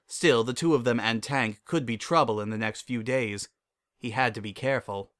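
Male narrator for a fan-fiction reading, measured and even. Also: medium pitch.

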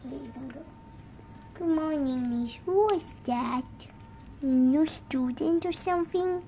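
Woman, high slightly gravelly voice, slow playful pretend-school narration, noisy background. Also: warm tone. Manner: switches between teacher and pupil voices. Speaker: toy play narrator. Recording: noisy home recording.

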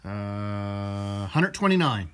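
A man's voice: on the low side, very animated, drawn-out words, fairly bright tone, smooth. A man hosting a do-it-yourself car repair video, narrating casually and chatting to himself with jokey asides as he works in a garage. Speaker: DIY car repair host. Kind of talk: casual how-to narration while working.

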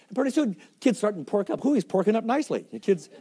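A man's voice: high voice, fast talker, husky. A man giving a sales presentation to a room of people, joking and acting out little voices. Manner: animated, jokey, acts out little voices. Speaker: product presenter.

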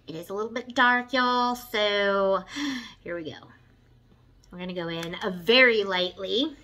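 A woman, chatting excitedly through a makeup tutorial and gushing over the colors. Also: medium pitch, a little slow, poor audio. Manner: gushing, excitable, says "you guys" and "y'all". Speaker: beauty vlogger. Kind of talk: casual makeup tutorial chat.

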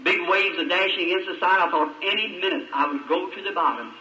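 Bright, high-pitched older-era preacher; storytelling sermon, recorded far off in a roomy hall. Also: male voice, a little fast, slight background noise. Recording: echoey old radio-style recording from a distance.

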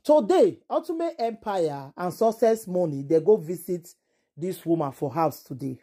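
A Nigerian woman vlogging in a husky, mellow voice. Her pitch swings widely as she exclaims and throws out indignant rhetorical questions. Her commentary stays casual and heated. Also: lively intonation, normal speed. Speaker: entertainment vlogger.

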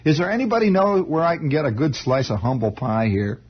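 A brisk, slightly rough, higher-pitched man hosts radio in a muffled 1960s recording. His animated story drifts from point to point as he stammers, breaks off, and begins again.

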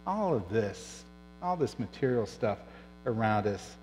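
A middle-aged man preaching a sermon as pastor, telling stories and dropping soft and low on serious points. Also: big pitch swings, measured pace, in a large hall, faint music behind, rough recording. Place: church.

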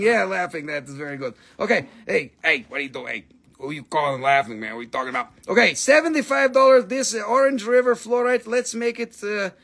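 A man's voice: very high voice, creaky, a bit bright. A man hosting a live mineral sales stream, joking and swearing freely in broken English. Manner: broken, non-native English grammar.

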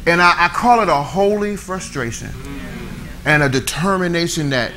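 A middle-aged man, preaching a conversational, animated sermon with call-and-response to a church. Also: a little high, normal speed, low-quality recording. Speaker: pastor. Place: church sanctuary.

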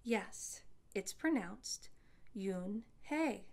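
A woman voicing a shy young Korean schoolgirl in a storybook reading, speaking softly and carefully. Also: medium pitch, lively intonation, extremely slow, vocal fry, full character voice. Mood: earnest.

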